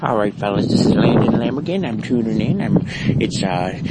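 A man playing a male weather correspondent, giving a nervous, halting report from outdoors at night over a noisy line. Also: lowish voice, lively intonation, pitched below the performer's own voice.

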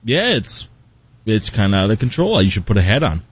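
A man's voice: fairly low pitch, very animated, fairly quick, slightly rough, no room sound. A man hosting a comedy show, tossing in playful, hesitant interjections. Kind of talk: improvised comedy banter.

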